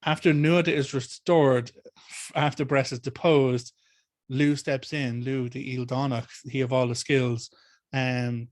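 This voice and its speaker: Irish man, mid-pitched, animated Q&A explainer, dry close mic. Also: no echo. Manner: animated and discursive, with many restarts. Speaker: teacher of Irish mythology. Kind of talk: community Q&A talk.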